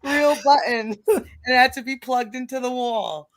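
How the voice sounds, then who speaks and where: A woman's voice: high voice, moderate pace. Woman host, casual chat, laughs a lot. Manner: giggly, laughs often.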